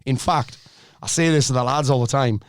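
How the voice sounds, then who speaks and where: Life coach guy on a podcast, blunt, swears a lot, mid pitch, dry close sound. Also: brisk, no room sound. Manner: blunt, energetic, swears freely. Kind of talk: casual podcast conversation.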